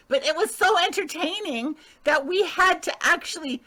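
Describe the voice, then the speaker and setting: A woman's voice: very high voice, expressive, a little slow, pushed and bright, heavily acted. A woman improvising a chatty middle-aged nurse who gushes, rambles and repeats her words. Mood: gushing chatty. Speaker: improv performer. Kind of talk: improvised comedy scene.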